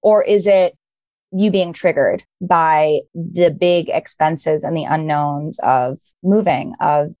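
A woman's voice: low voice, takes it slowly, dark tone, dry recording. Young woman, tarot-reading host, enthusiastic, dry close sound. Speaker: podcast host and tarot reader. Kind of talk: casual chat and tarot reading.

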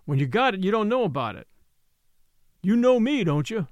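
A man's voice: sits high, sing-song, normal speed, no echo, voice pushed up. A man voicing an unhinged ex-prizefighter. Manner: eager, insistent, oddly cheerful. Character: battered little ex-prize fighter, man, unhinged. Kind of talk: audiobook reading.

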